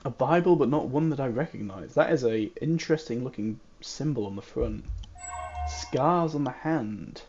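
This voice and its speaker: Creaky-voiced man playing a game. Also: medium pitch, lively intonation, moderate pace, a little mellow, dull audio, faint music behind. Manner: musing, mutters to himself. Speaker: gamer. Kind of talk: casual game commentary.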